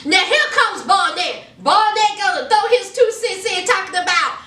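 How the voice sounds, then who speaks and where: A woman with recaps a reality show like gossip with a friend, dramatic and animated, slipping into the people she quotes. Her voice is very high and bright. She sits a little back from the mic in a roomy, echoey space. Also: normal speed, hardly any pauses, recorded from a distance. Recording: echoey room, somewhat off mic.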